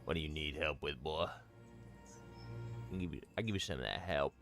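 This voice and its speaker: A man voicing a gruff older man who growls at a boy in a low, drawling, mock-menacing way. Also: moderate pace, over music.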